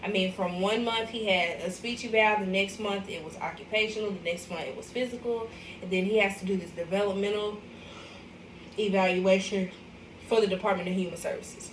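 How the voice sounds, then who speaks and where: A woman's voice: medium pitch, fairly even intonation, fairly quick, a little hiss or hum. A young woman from Arkansas, chatting in a casual, emotional way to viewers as a mother on a livestream vlog. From Arkansas, USA. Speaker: vlogger, mother. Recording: echoey room, mic at a distance.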